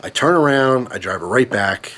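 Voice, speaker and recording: A man's voice: medium pitch, expressive, moderate pace, a bit bright. Young adult male vlogger, angry storytime rant, heated and profane, stumbling restarts. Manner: worked-up, swearing, frequent restarts.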